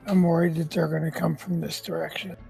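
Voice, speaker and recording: Husky man player with a heavy gravel and dark tone, halting delivery. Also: on the high side, little pitch movement, faint music behind. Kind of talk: playing a tabletop game.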